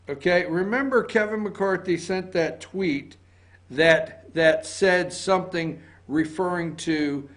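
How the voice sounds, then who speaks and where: A man's voice: sits high, fairly bright tone. A man hosting a political opinion show, talking in an indignant, emphatic way and hammering his points again and again. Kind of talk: opinion commentary.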